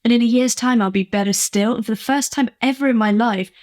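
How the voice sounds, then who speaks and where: A woman's voice: fairly high pitch, fast talker, a little mellow. A woman business coach from England giving an earnest, emphatic motivational vlog talk, acting out little quoted exchanges.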